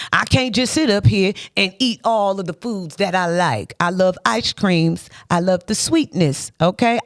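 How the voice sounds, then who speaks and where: A woman's voice: fairly low pitch, dry recording. Woman, motivational faith speaker, emphatic preacher cadence, dry close sound. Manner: emphatic, repetitive, preacher-like with rhetorical questions; laughs often between points.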